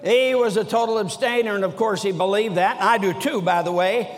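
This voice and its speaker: A man preaching a sermon, telling stories with sudden shouts and slow, drawn-out phrases. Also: sits high, a little hiss or hum. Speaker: guest preacher. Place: large church sanctuary. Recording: echoey church hall.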